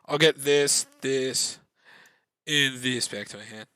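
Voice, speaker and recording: A man playing a casual card game with friends, excitable and quick to swear and laugh. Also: medium pitch, clean tone, no room sound. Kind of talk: casual chat among friends.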